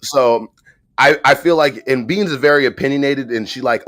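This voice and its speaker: A man co-hosting a casual livestream chat, jokey and profane, talking in quick bursts. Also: mid-range voice, fairly bright tone, faint music behind. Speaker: co-host.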